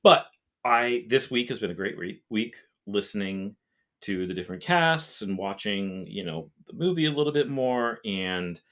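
A man's voice: lowish voice, lively intonation, normal speed, a bit bright. A man co-hosting a podcast, chatting casually and enthusiastically, swearing now and then. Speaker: podcast co-host. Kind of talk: casual chat.

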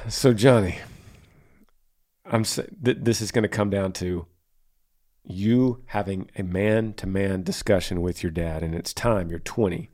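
A man's voice: low-pitched, unhurried, pauses often, darkish tone. A man hosting a casual advice chat, answering listener email in a blunt, folksy way. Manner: blunt, folksy, mimics voices when reading back.

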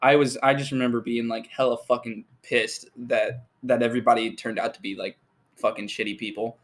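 A teenage man in casual chat, profane and animated as he retells a film. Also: medium pitch, fairly quick.

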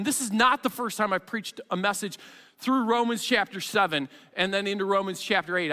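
A middle-aged man preaching a sermon, telling stories in a lively way and acting out parent and child. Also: sits high, in a large hall. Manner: animated storytelling, acts out parent and child. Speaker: pastor. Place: church sanctuary with long reverb.

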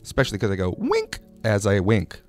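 Deadpan low-voiced man hosting a comedy show. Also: unhurried, soft background music. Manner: absurd, drawling, playful asides. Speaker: host. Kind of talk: deadpan comic monologue.

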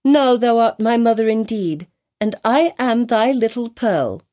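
A willful elfin little girl, as a woman narrator puts her on, speaking in a high, insistent child's voice. The tone stays mellow and soft-edged, read in a storybook style. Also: expressive, measured pace. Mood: eager.

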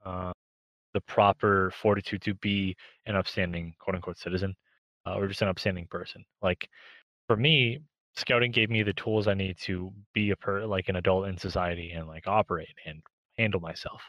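A man's voice: low voice, steady tone, normal speed, a bit bright, dry recording, low-quality recording. A young man as a podcast guest, talking in a laid-back, hesitant way with many fillers. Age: young adult. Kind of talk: casual chat.

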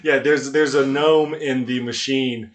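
A man's voice: mid-range voice, a little slow. Game-master co-host, man, mid-range voice, easygoing rambling recap. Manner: relaxed, rambling recounting with fillers. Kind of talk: casual recap chat.

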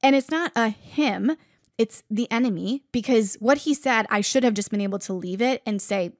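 A woman's voice: a little high, normal speed, dry recording, studio quality. A young woman giving an earnest devotional message, telling a story and making emphatic declarations. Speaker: Christian teacher.

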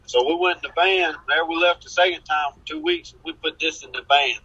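A man with a husky, bright voice tells rambling anecdotes to his friends and acts out the people he quotes. He is on a remote podcast call, and the sound is dry, close and lo-fi. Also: a little high, brisk, dry recording. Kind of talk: casual chat, storytelling.

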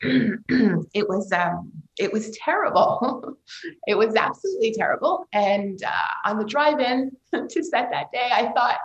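A woman's voice: medium pitch, measured pace, echoey room, highs cut off. A woman, a film director, telling a hard story in an interview, earnest and emotional, with many fillers and restarts. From Canada. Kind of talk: interview conversation.

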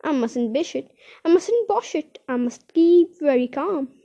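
A woman's voice: high-pitched, animated, measured pace, dark tone, voice pushed up. A shy, nervous middle-aged man in love, fretting and muttering to himself in a raised, light voice, as a woman reads him from a storybook. The recording is dull and lo-fi.

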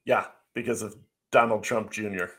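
A man's voice: on the low side, steady tone, normal speed, a bit bright. Blunt, ranting man. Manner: blunt, ranting, laughs often. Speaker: podcast co-host. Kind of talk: casual opinionated chat.

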